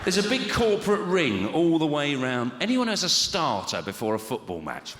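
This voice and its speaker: A middle-aged man delivers stand-up in a dry, deadpan way, swearing freely. His pitch rises and falls in lively swings. The sound is roomy with a long reverb tail and loud audience noise behind him. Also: normal speed, crowd noise. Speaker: stand-up comedian. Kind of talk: stand-up routine. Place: large comedy venue. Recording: echoey hall with loud audience laughter.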